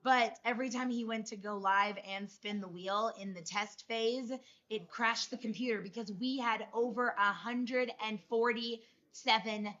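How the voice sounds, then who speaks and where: A woman with a fairly high voice co-hosts a casual chat, sharing updates in a cheerful, chatty way. The audio is a bit dull and lo-fi. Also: fairly even intonation, unhurried, hardly any pauses, a bit bright. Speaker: co-host.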